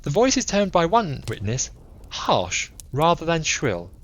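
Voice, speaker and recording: A man voicing an eccentric, brilliant male detective who reasons aloud in a measured, lecturing way, read as a bedtime audiobook. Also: on the high side, wildly swooping pitch, pitched above the performer's own voice, full character voice.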